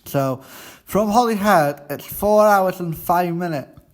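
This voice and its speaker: A man presenting a student radio show in a halting, chatty way, often stopping to quiz his classmates in the studio. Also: sits high. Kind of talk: casual radio chat.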